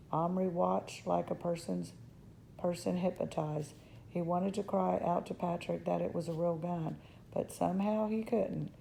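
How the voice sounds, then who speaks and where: A woman reading a children's novel aloud in steady storytelling, now and then slipping on a word. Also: on the low side, gravelly, a little hiss or hum, poor audio. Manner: steady storytelling, slips on words. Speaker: reader.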